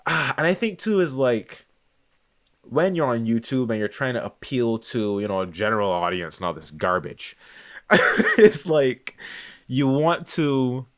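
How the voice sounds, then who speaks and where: A man in a loose, off-the-cuff monologue, his pitch rising and falling freely as he goes. He hunts for the right word, sighs and starts sentences over. His voice sits at an ordinary middle pitch. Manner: rambling, searches for words, many restarts and sighs. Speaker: channel host. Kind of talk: casual unscripted monologue.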